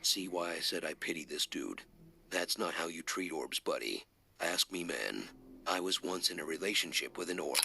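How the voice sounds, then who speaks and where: Man, narrator, very deep gravelly voice, deadpan sardonic humor. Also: moderate pace, background noise. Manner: dry, sardonic, self-mocking. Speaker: video narrator. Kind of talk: scripted comedic narration.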